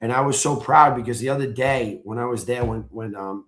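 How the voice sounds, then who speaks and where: A man in casual chat, excitedly telling a story and acting out his own shouted chants. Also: mid-range voice, brisk. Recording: roomy echo.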